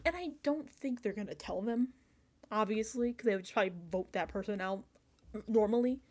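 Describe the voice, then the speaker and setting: Excitable young woman recapping a show. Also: medium pitch, fairly quick. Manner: animated storytelling, acts out reactions; chatty and excitable, laughs often. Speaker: reality show recap host. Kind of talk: casual reaction recap.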